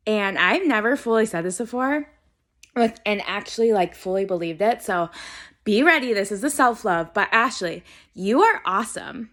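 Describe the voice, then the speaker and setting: Gushing and slightly teary, a woman in her twenties addresses herself as if in a mirror for a casual self-love vlog. Her vlogger's voice is medium-pitched, animated, and a bit bright, moving at a normal speed.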